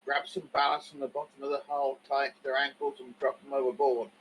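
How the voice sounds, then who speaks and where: A man's voice: mid-range voice, flat delivery, fairly quick, fairly bright tone, slight background noise, low-quality recording. A man playing a tabletop role-playing game, laying out practical plans in a plain way. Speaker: player. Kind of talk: casual tabletop play.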